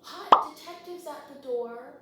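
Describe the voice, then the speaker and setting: A young woman casually retelling a thriller plot while baking, gossipy and quick, acting out the characters' lines. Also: sits high, sharp tone. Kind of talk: casual chatty plot recap. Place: home kitchen. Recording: very echoey kitchen, faint hum.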